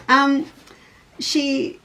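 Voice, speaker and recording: A woman's voice: high voice, pushed and bright, a little hiss or hum, low-quality recording. A middle-aged woman, hosting a casual show-and-tell chat as a fabric designer. She tells a rambling story in an easy, talkative way.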